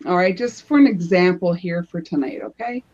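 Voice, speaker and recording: A woman's voice: lowish voice, a little fast, a little mellow, dull audio. A woman on a live panel show casually showing her crafts, chatty, often restarting her phrases as she explains.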